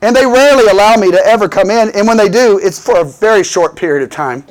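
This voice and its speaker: A preacher voicing a frustrated homeowner shut out. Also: male voice, sits high, fast talker, voice pushed up, lightly acted. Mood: aggrieved. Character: homeowner pleading at his own door, a man.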